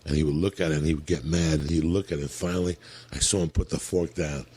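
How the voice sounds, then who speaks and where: A man, a comedian on a podcast, telling profane, animated stories and acting out the people in them. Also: very deep voice, fast, husky. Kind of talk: profane storytelling.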